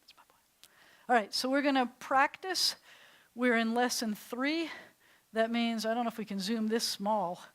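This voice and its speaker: A middle-aged woman from New York, a rabbi teaching a Hebrew class in a chatty, animated way with frequent laughs. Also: fairly high pitch, normal speed. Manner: chatty and animated, often laughing between points.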